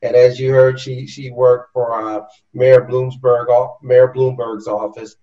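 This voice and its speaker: A man's voice: medium pitch, flat delivery, slow, mellow. Effusive male host, dull lo-fi sound. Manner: effusive, repetitive, restarts phrases. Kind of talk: interview hosting. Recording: slightly dull lo-fi audio.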